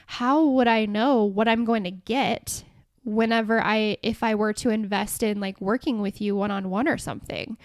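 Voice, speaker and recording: Young female host, casual solo rant, frank and filler-heavy, slightly high pitch, dead-dry close mic. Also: dry recording. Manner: chatty, frank, lots of fillers and swearing. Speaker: podcast host.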